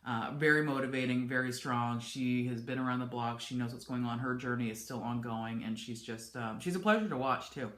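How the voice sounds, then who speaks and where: A woman's voice: very deep voice, fairly quick, few pauses, roomy sound. A woman chatting candidly to camera from her home office, rambling with frequent restarts. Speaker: vlogger. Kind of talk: casual chat to camera.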